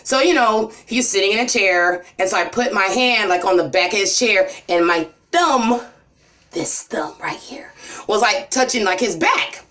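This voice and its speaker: A woman's voice: expressive, normal speed, hardly any pauses, a bit bright. Rambling woman telling a story. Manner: rambling, repeats "you know" and "like"; voice drops low and cries near the end. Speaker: vlogger. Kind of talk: emotional storytime vlog.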